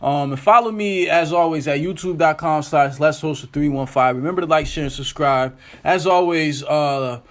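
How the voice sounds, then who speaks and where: A man hosting his own web talk show, ranting in an animated, incredulous, slangy and profane way. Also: fairly high pitch, moderate pace, hardly any pauses. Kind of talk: casual solo commentary rant.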